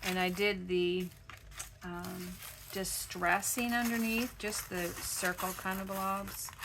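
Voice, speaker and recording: A woman with a froggy, gravelly voice, chatting step by step through a crafting tutorial at her home craft desk. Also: mid-range voice, flat delivery, slow pace, noisy background. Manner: chatty step-by-step explaining while working. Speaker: craft channel host.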